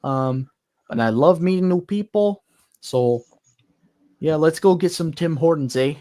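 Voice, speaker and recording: Man doing a sunny Canadian locomotive guy, "eh" on every line, slightly high. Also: unhurried, dark tone, close to an everyday voice. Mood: friendly. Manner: folksy, ends lines with "eh". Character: cheerful male Canadian steam locomotive, friendly.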